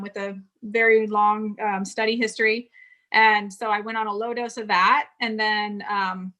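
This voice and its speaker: Woman in her 40s from California, interview guest, bright and forceful tone, recounts her past frankly. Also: mid-range voice. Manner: candid storytelling, quotes others in dialogue. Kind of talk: casual interview conversation.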